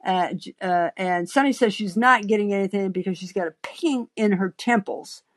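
A woman's voice: medium pitch, normal speed. A woman hosting a call-in podcast, telling a rambling, anecdotal story full of fillers and restarts. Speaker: podcast host.

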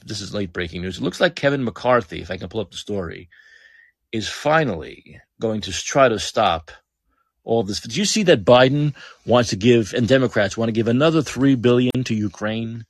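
A man's voice: mid-range voice, dry recording, clean studio sound. A man hosting a podcast, delivering blunt, heated political commentary, swearing freely and repeating phrases for emphasis. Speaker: podcast host.

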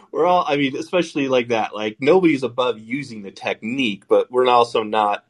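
A man's voice: mid-range voice, normal speed. Casual, profane middle-aged male host. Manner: loose, profane, self-interrupting. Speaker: podcast host. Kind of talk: casual call-in chat.

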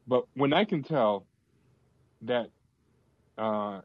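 A man's voice: mid-range voice, lively intonation, drawn-out words, no echo, dull audio. A man hosting a call-in podcast, chatting in an opinionated way with frequent fillers and restarts, speaking into a tablet mic. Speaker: podcast host. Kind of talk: casual chat.

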